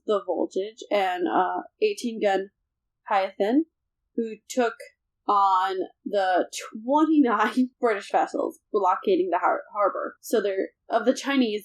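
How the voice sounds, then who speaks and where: A young woman hosting a casual history podcast, telling the story in an animated way and mocking the people in it with quoted voices. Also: medium pitch, rough recording. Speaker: podcast host.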